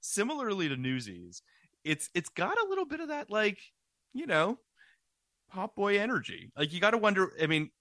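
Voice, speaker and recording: A man co-hosting a podcast in loose, rambling chat. His bright voice leaps around in pitch as he talks. The sound is dry and close. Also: normal speed, dry recording. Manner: rambling, animated, many fillers. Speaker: podcast co-host. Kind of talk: casual chat.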